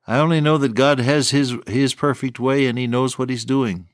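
An older man giving a radio sermon in a gentle, pastoral tone, speaking right to the listener. The sound is close and dry, with no room echo. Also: medium pitch, fairly even intonation, normal speed. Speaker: radio preacher.

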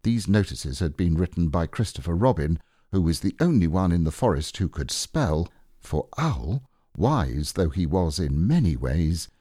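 A man reads a storybook in a very deep, mellow voice. His pace is slow and unhurried, and his pitch rises and falls with lively expression. He is recorded on a close mic in a dry, dead room. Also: no room sound. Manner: slow and unhurried, gentle phrasing. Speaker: audiobook reader. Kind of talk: storybook narration.

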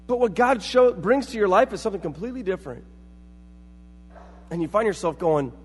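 A man's voice: extremely high pitch, lively intonation, brisk, big-room sound. A middle-aged man preaching a sermon as pastor, telling family stories and acting out quotes. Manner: storytelling with acted-out quotes.

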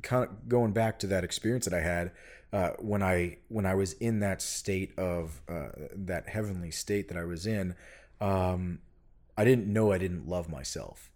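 A man, a parent, telling a personal story in casual conversation, earnest and animated, getting loud when he quotes himself. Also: low voice, normal speed. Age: adult parent. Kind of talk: casual chat.

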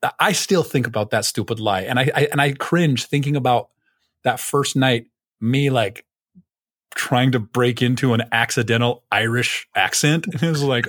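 A man's voice: medium pitch, moderate pace, fairly bright tone, dry recording. Casual rambling man, dry close sound. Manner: rambling, lots of fillers and restarts; swears casually. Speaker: podcast co-host. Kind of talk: casual chat.

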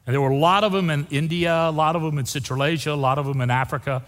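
A man's voice: a little high, fairly even intonation, quick pace, a bit bright, big-room sound. A man preaching a sermon as pastor, emphatic and repeating key phrases for effect.

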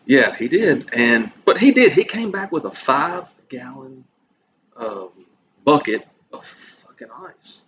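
A man spins a long, rambling story in casual chat, peppered with profanity and acted-out back-and-forth. His voice sits at an ordinary pitch. The recording is slightly muffled, with faint room noise under it. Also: very animated, slow, fairly bright tone. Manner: rambling, profane, acts out dialogue.

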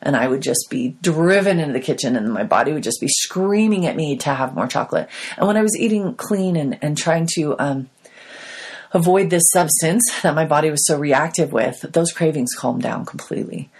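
Low gravelly woman, heartfelt testimony. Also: expressive, moderate pace, darkish tone. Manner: earnest, heartfelt, reflective. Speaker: guest, health coach. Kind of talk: personal faith testimony on a podcast.

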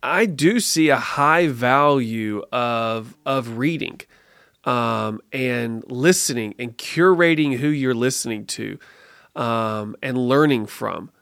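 A man being interviewed on a podcast, telling a personal story in an earnest, lively way and often restarting his phrases. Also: medium pitch, slow, gravelly, clear, resonant tone, dry recording, clean studio sound. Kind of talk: casual conversational storytelling.

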